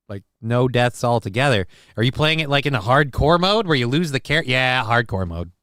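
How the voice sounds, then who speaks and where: A man's voice: mid-range voice, a bit bright, no echo, clean studio sound. A man hosting a casual live-stream show, reading chat messages aloud and riffing on them in a crude, joking, rambling way.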